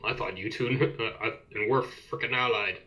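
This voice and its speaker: A man doing a gruff, blunt dwarf. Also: lowish voice, normal speed, bright, forceful tone. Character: blunt, grumbling male dwarf.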